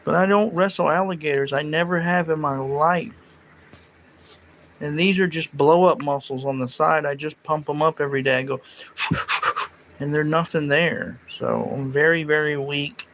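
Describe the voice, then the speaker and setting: A man talks loosely to his livestream audience, his voice sitting a little high for a man. He rambles, jokes at his own expense and answers the chat as he goes. A faint hiss sits under the recording. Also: steady tone, normal speed, a bit bright, low-quality recording. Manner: rambling, self-mocking, reads chat aloud. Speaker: livestream host.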